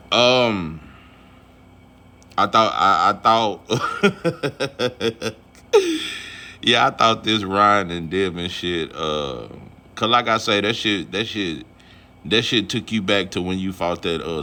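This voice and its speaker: A man's voice: sits low, animated, takes it slowly, long pauses, sharp tone. A man vlogging about boxing in a casual, rambling, profane rant full of fillers.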